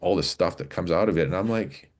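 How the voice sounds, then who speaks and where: Low-voiced man telling his story. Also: darkish tone. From Canada, Alberta. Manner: earnest, halting, with frequent restarts. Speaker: podcast guest, former police officer. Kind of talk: casual storytelling interview.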